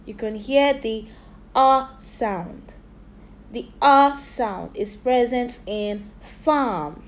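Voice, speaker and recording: A woman English teacher leading a phonics lesson for young children, slowly sounding out and spelling words for them to repeat. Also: on the high side, lively intonation, fairly bright tone. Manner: slow, drilled repetition of sounds and spellings.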